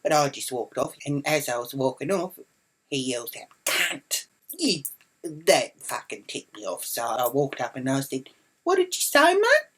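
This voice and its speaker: A woman's voice: rumbling low, moderate pace, slightly rough, poor audio. A woman with an Australian accent telling a brash, indignant storytime rant, swearing freely and acting out what everyone said. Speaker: vlogger. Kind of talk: ranting storytime monologue.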